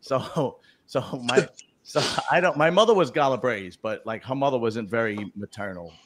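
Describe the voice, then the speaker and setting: A middle-aged man hosting a casual video-call chat, telling stories in a crude, animated way and swearing freely. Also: mid-range voice, normal speed. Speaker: host.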